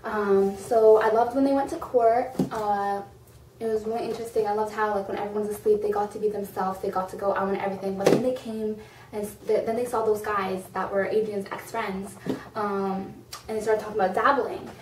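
A young woman casually reviewing a book, gushing and excitable, saying "like" often. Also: medium pitch, fairly quick. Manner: gushing and excitable, full of "like" and "freaking out". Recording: echoey room, far from the mic, faint noise.

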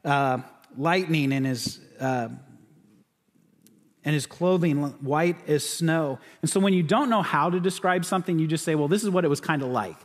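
Conversational pastor in a reverberant sanctuary. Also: male voice, a little high, normal speed. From California. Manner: conversational, with frequent restarts and repeated words. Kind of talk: sermon. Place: church sanctuary. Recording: church sanctuary with long reverb.

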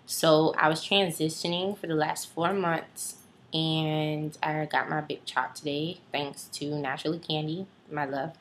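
A young woman in her early twenties vlogs to camera in an easygoing, rambling way, piling up fillers and side remarks. Her voice sits noticeably low. A faint hiss runs under the recording. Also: steady tone, unhurried. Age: early 20s. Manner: chatty, rambling with many fillers and asides. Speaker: vlogger. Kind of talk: casual chat to camera.

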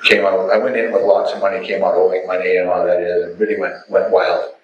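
A middle-aged man tells his personal testimony as an animated storyteller who acts out the voices. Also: deep voice, quick pace, muffled recording, slight background noise. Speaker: testimony speaker. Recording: echoey room, faint ambience.

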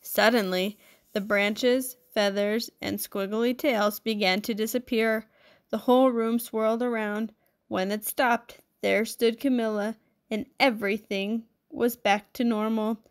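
A woman narrating a children's storybook aloud with expressive, measured delivery. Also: fairly high pitch. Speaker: storybook reader.

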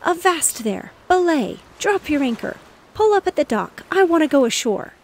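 A woman voicing a frightened sailor man shouting commands from a runaway horse in a storybook. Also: high voice, very animated, moderate pace, pitched above the performer's own voice. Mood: panicked.

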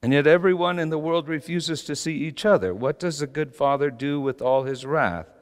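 A middle-aged man preaching a sermon, telling stories passionately and rising to shouts. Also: on the high side, moderate pace, smooth. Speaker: pastor. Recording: long hall reverb.

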